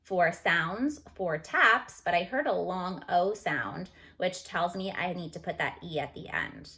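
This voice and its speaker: A woman teacher going over a phonics lesson on a video call, slowly sounding out letters and words. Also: fairly low pitch, expressive, bright, forceful tone. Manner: slow, deliberate, sounds out each letter. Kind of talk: recorded phonics lesson review.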